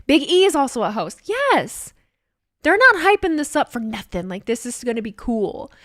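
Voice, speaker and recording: A young woman hosting a casual livestream, excitable and swearing freely as she reacts to chat comments. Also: a little high, fairly quick, no echo, clean studio sound. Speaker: livestream host.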